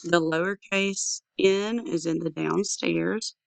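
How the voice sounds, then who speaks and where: A woman teaching a young children's phonics lesson, sounding out letters slowly and repeating handwriting chants. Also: lowish voice, steady tone, gravelly, no room sound. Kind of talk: early-years phonics lesson.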